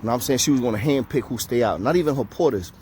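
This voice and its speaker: Animated New man telling a story. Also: mid-range voice, racing, slight background noise. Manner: animated, acts out quoted voices, profane street slang. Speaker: storyteller recounting jail time. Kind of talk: casual storytelling to camera.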